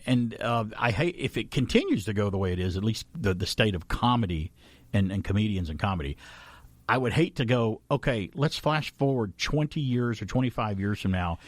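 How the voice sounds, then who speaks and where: A man hosting a podcast, chatty and quick to laugh, in casual conversation. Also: lowish voice, animated, dry recording. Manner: chatty, laughs easily, many "right"s. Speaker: podcast host. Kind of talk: casual chat.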